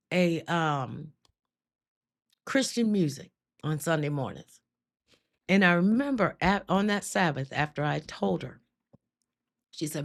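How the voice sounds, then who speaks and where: A woman hosting a live stream, telling her testimony with emphatic, drawn-out storytelling and frequent laughter. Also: fairly low pitch. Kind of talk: spoken testimony to a live chat.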